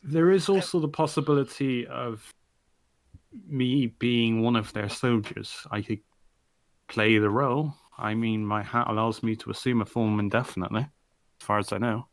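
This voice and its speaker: A man's voice: mid-range voice, fairly even intonation, moderate pace, dry recording. A man playing a tabletop game over online voice chat, thinking aloud as he plans and often trailing off mid-sentence. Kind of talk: casual planning talk at the game table.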